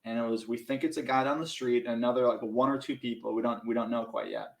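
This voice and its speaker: A young man from Minnesota tells a story on a podcast, animated and loose, slipping into other voices and filling every pause with "like." His pitch sits right in the middle for a man. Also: gravelly. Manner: animated, acts out voices in his stories, many "like" fillers. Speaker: podcast guest. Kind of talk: casual storytelling.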